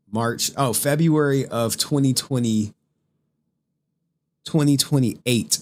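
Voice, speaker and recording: Male streamer host, mid-pitched, profane, chuckling, rambling rant. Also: darkish tone, slight background noise. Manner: profane, laughing, rambling, reads super chats. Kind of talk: casual live-stream rant.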